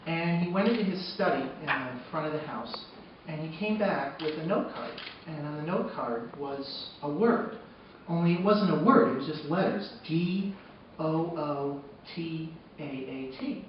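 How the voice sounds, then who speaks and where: A man with a fairly high voice tells a personal story on stage at an arts center, dropping to hushed, sombre tones and then rising to loud, excited retelling. He is picked up from far off in a very echoey hall, and the sound is dull with steady noise behind him. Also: a little slow, few pauses. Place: arts center stage before a live audience.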